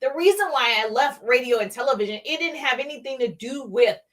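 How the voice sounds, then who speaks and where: A woman's voice: sits high, lively intonation, a little fast, a bit bright, recorded from a distance. A middle-aged woman giving an emphatic motivational talk on a live stream, repeating her key lines and calling out to the chat. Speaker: motivational speaker, home-business coach.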